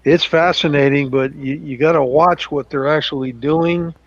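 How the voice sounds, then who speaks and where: Steady explainer type, mid-pitched man, muffled dry mic on a group call. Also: dry recording. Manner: measured, explanatory, hesitant fillers. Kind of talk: casual chat.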